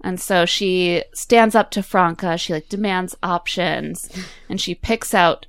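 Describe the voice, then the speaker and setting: A woman's voice: lowish voice, unhurried, smooth, dry recording. A woman recapping a movie's plot in casual chat, acting out quoted lines and laughing often. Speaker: podcast co-host.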